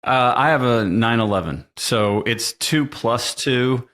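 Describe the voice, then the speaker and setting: A middle-aged man telling stories as a podcast guest, animated and laughing often. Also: medium pitch, slow. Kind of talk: casual chat, storytelling.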